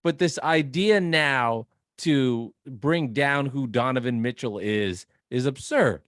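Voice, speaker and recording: A man co-hosting a sports podcast, talking in a measured way with stammered restarts. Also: mid-range voice, a bit bright, no echo, studio quality. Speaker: podcast co-host.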